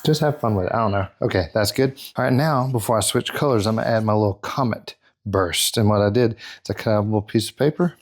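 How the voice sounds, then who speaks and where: A man's voice: fairly low pitch, fast talker, hardly any pauses. Chatty man narrating his airbrush work. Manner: chatty, self-talk while working, counts out steps. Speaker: airbrush artist and tutorial host. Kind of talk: casual narrated painting tutorial.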